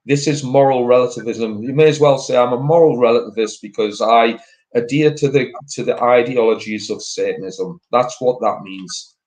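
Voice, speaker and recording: A man speaking as a guest in a casual talk, earnest and halting, with many fillers and restarts. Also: medium pitch, a little mellow, low-quality recording. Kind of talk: casual political chat.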